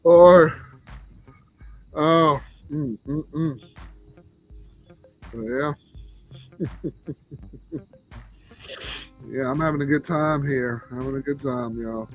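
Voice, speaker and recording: This livestream host talks slowly in a mid-range, fairly bright voice, pausing often. He has a Southern drawl and a laid-back, chuckling manner as he greets viewers over faint background music.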